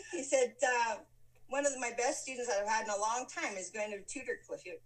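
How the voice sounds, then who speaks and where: A woman's voice: on the high side, moderate pace, over a noisy crowd. A woman telling a personal story in a casual chat, laughing often and acting out the lines of people in it. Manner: lively, laughs often, acts out quoted lines. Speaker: guest telling a life story. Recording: voice from a distant mic.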